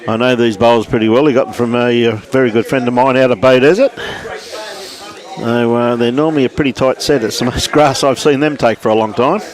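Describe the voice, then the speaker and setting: A man with an Australian accent giving relaxed live lawn bowls commentary indoors at a club, calling the play and greeting viewers by name. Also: mid-range voice, brisk.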